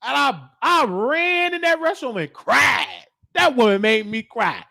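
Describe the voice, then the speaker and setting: A man hosting his show, telling stories in a lively way and acting out the people he quotes. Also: extremely high pitch, a little slow, vocal fry, no echo, clean studio sound. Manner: animated, acts out quoted voices. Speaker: show host. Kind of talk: storytelling.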